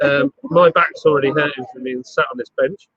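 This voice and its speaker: A man's voice: medium pitch, brisk, fairly bright tone, muffled recording. A man hosting a casual live stream from a pub garden, playful and bantering as he reads out the chat. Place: outdoor pub garden, on a bench.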